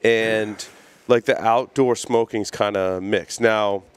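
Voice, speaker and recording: A man's voice: fairly low pitch, fairly even intonation, slow, clean tone, no echo. A man hosting a podcast, chatting in a laid-back way with plenty of "like". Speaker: podcast host. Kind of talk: casual chat.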